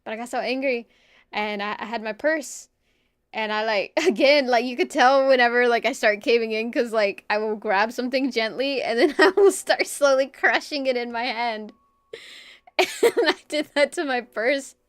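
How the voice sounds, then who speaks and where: A young woman streamer chatting casually and telling a personal story, animated, swearing often and laughing between phrases. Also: fairly high pitch, moderate pace, no room sound, studio quality.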